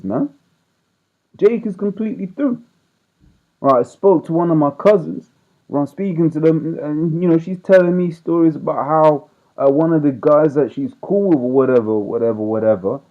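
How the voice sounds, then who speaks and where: A man with a slightly high voice and lively intonation teaches scripture informally as a street preacher, speaking at a normal speed. He reads verses aloud, explains them in slang, and adds "right?" after nearly every point. The audio is tinny, like a phone call.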